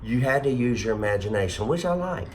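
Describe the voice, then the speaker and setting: A man's voice: mid-range voice, animated, fast, a little hiss or hum. A man in his sixties hosting a casual chat, rambling and self-deprecating. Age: 60s. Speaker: host.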